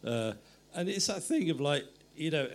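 A man's voice: on the high side, lively intonation, moderate pace. A middle-aged man, an author guest, telling anecdotes in a meandering way, often stopping to correct himself. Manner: meandering, self-correcting storytelling. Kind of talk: anecdotal conversation.

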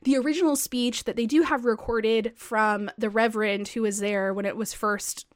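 Chatty, excitable woman, filler-heavy. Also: fairly high pitch, normal speed. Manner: chatty, peppered with "like", excitable, swears casually. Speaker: podcast co-host. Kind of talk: casual history chat.

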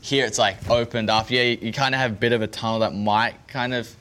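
A man's voice: medium pitch, fairly even intonation, fast, a bit bright. A young man with an Australian accent, talking casually as an interview guest in long, rambling sentences. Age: young adult. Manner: rambling, hesitant restarts. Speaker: motocross racer, guest.

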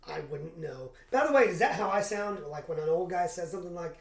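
A woman's voice: fairly low pitch, animated, a little fast. A woman co-hosting a casual movie recap podcast, sarcastic and jokey. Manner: sarcastic, jokey, slips into mock voices. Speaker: podcast co-host. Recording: roomy echo.

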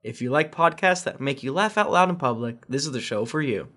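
A man's voice: mid-range voice, lively intonation, brisk, fairly bright tone. A man hosting a casual podcast, reading listener reviews aloud and breaking off into jokey asides and chuckles. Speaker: podcast host.

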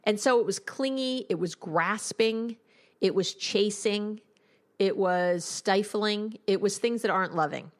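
A woman's voice: medium pitch, measured pace. A woman, a couples therapist, hosting an advice podcast in a candid, conversational and emphatic way.

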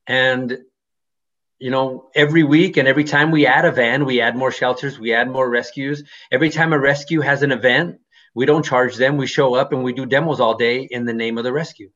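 A man's voice: medium pitch, fairly bright tone, lo-fi sound. A man who runs a dog business, talking casually in an interview and rambling with lots of fillers. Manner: rambling, many "you know" fillers. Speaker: dog-running business owner.

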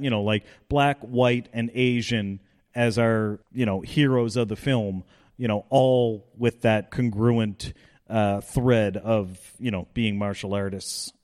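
Casual podcast co-host, male, mid-pitched, loose and profane film chat. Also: darkish tone. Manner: laid-back, swears freely, lots of fillers.

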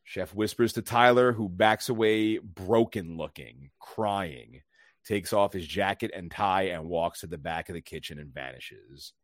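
رجل بصوت منخفض يسرد بحماس. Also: male voice, low voice, unhurried, dry recording, clean studio sound. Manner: animated retelling of film scenes with quoted lines. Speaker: podcast host. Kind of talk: casual movie recap podcast.

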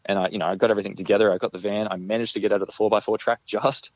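A man's voice: on the low side, fairly even intonation, racing, no echo, muffled recording. A man telling a personal story in a casual, rambling way, full of "like" and "you know.". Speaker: guest recounting an encounter.

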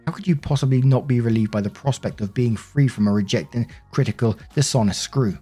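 A man's voice: medium pitch, brisk, dark tone, breathy edge, soft background music, close to an everyday voice. A man reading the lines of a bitter, accusing woman partner in a story, in a relentless, reproachful manner.

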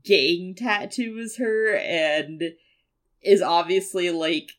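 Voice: medium pitch, takes it slowly. Rambling podcast co-host, casual. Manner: relaxed, rambling, trailing off with fillers. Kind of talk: casual chat.

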